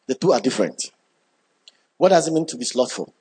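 A man preaching a sermon, emphatic, repeating key words and building up when excited. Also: mid-range voice, a little fast, breathy edge.

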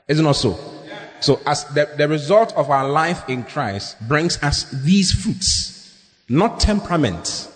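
A man preaching a sermon as pastor, humorous and animated, drawing responses from the congregation. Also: fairly high pitch. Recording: echoey hall, faint background noise.

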